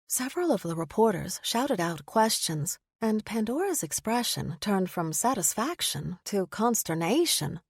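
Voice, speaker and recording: A woman reads a first-person audiobook with a lively, rising and falling delivery and measured storytelling. Her voice is recorded close and dry, with no room sound. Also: on the low side, breathy edge, no room sound. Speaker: audiobook narrator. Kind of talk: first-person scripted narration.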